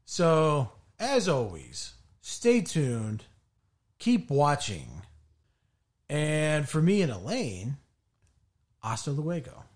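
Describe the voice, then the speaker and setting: Lively-voiced male podcast host. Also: fairly high pitch, extremely slow, pauses often. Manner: relaxed, conversational, wraps up the show. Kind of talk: casual chat. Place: home podcast studio.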